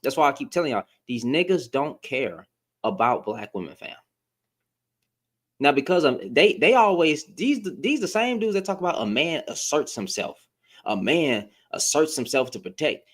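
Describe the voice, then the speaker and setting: A man's voice: medium pitch, big pitch swings, moderate pace. A man ranting to his followers in a blunt, heated, profane way, repeating himself and restarting lines as he gets worked up. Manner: blunt, heated, profane, rising to exasperated outbursts. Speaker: social media commentator. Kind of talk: heated casual rant to followers.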